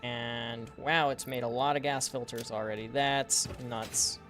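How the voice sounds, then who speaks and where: A man's voice: mid-range voice, fairly even intonation, a little slow, a bit bright, soft background music. A man giving casual live-stream gameplay commentary, rambling and laughing at his own puns. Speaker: game streamer.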